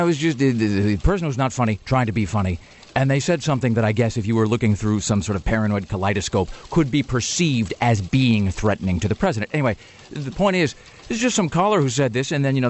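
Fast-talking sardonic male radio host. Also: mid-range voice. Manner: rambling, sardonic storytelling. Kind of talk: casual talk radio banter.

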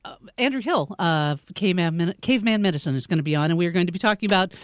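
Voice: medium pitch, lively intonation, rapid-fire, no echo. A radio co-host reading news items aloud with plain delivery and dry asides.

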